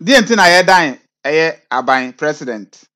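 A man's voice: on the high side, lively intonation, normal speed, sharp tone. A man hosting a casual online video chat, asking his co-host leading questions.

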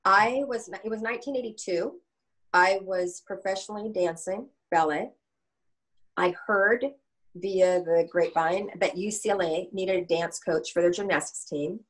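A woman's voice: mid-range voice, normal speed, rough recording. A woman in her sixties, a gymnastics coach and author, telling anecdotes in an interview and acting out the dialogue. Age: 60s. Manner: animated, anecdotal, acts out dialogue. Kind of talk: storytelling interview answer.

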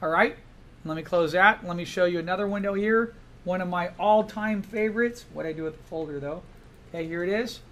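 Animated man lecturing a class, high voice. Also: a little fast. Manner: animated, asks the class many questions. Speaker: art instructor.

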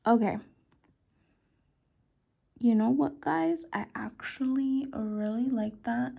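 Young woman, slow and husky with some gravel, a work-along vlogger murmuring as she goes. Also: on the high side. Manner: slow, soft-spoken, often trailing into whispers while concentrating. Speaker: nail artist vlogger. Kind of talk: casual work-along narration.

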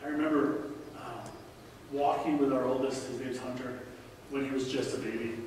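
A man's voice: medium pitch, fairly even intonation, moderate pace, darkish tone. Man preaching in an echoey church. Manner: conversational, pleading, repeats key lines. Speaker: guest preacher. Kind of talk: sermon. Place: large church sanctuary. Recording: echoey hall from far off, faint noise.

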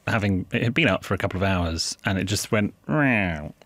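A man's voice: deep voice, lively intonation, brisk, fairly bright tone, dry recording. A man co-hosting a podcast in casual comic chat, dry, opinionated and wry. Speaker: podcast co-host.

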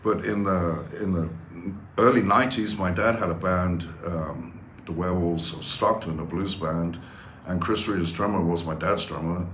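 A very deep-voiced man chats as a radio guest. He tells his stories in a dry, low-key way. The studio around him is roomy, with faint noise underneath. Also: normal speed, fairly bright tone. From England. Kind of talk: casual chat.

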